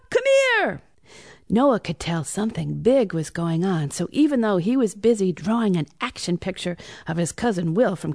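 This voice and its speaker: Animated woman reading a bedtime story. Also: medium pitch, dry recording, clean studio sound. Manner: animated, hushed asides.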